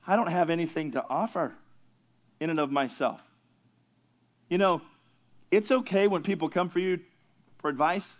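Male pastor with a high voice, teaching scripture conversationally, quizzes and teases the class. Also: normal speed, long pauses. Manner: conversational, asks the class questions, jokes with listeners. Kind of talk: teaching sermon.

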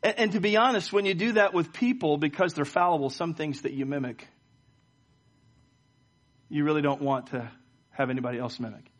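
A middle-aged pastor with a fairly high voice speaks a little fast with long pauses as he preaches and leads prayer at a church service. He tells stories and frequently repeats words in a stammer.

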